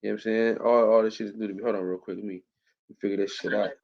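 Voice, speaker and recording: A man's voice: lowish voice, level tone, rapid-fire, gravelly. Loose-talking man, muffled stream audio. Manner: loose, profane, repetitive. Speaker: host. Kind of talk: casual live-stream chat.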